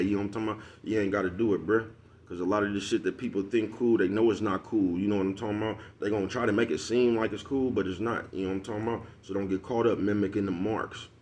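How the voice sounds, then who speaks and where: A man talking casually to his followers in a loose street-slang monologue, laughing often and asking "you know what I'm talking about" again and again. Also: lowish voice. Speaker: vlogger.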